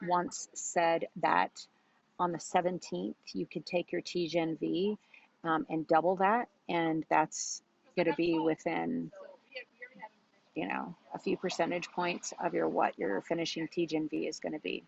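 A woman's voice: fairly low pitch, level tone, unhurried, gravelly, breathy edge. A woman coaching her team in a casual, chatty talk, quoting herself in a bubbly voice and laughing often. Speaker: business coach. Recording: dull lo-fi audio.

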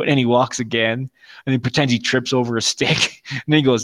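A man's voice: mid-range voice, fairly even intonation, a little fast. Profane, laughing man on a call. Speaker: podcast co-host. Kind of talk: casual chat. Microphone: video call.

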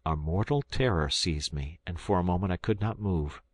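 Very deep-voiced man narrating an audiobook. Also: no room sound. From South Carolina, United States. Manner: measured, steady reading that lifts into dialogue. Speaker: volunteer audiobook reader.

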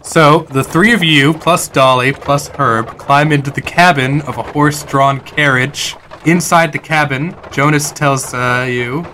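A man's voice: a little high, measured pace, few pauses, pushed and bright, slight background noise. A man narrating as game master of a tabletop role-playing game, talking with frequent uhs and restarts. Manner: stammering with many uhs, slips into folksy character voices.

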